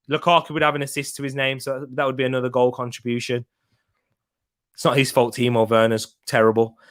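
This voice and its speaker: A man's voice: on the high side, fairly bright tone. A young man hosting a live football watch-along, chatting casually and answering viewers' comments by name.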